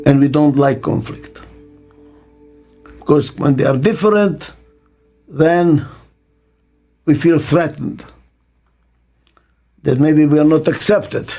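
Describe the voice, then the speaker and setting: An older man giving an interview as a business consultant, speaking slowly and emphatically and repeating key words for stress. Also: fairly high pitch, darkish tone. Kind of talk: reflective interview monologue. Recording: faint music underneath.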